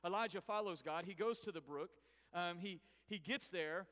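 A man's voice: high voice, normal speed. A middle-aged man preaching a sermon, calling on the congregation to answer back. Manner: animated preaching with call-and-response to the congregation. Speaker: pastor. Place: church sanctuary. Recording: long reverb of a church hall.

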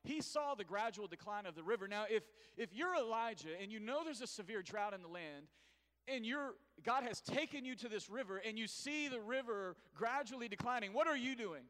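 A middle-aged pastor preaches with lively energy, drawing the congregation into call-and-response. His voice sits high for a man, and it rings out with the long reverb of a church hall. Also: a little fast. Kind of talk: sermon. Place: church sanctuary.

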